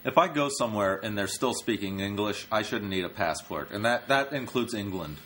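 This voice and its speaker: A man's voice: fairly low pitch, animated, brisk, a bit bright, a little hiss or hum. A man, a stand-up comedian hosting a podcast, chatting in a blunt, profane way with dismissive asides. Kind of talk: casual chat.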